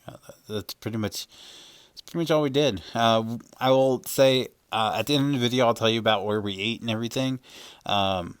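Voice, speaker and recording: A man's voice: mid-range voice, brisk, smooth, no room sound. A man casually narrating a voice-over for his vlog, rambling with many fillers and laughing as he goes. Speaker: vlogger.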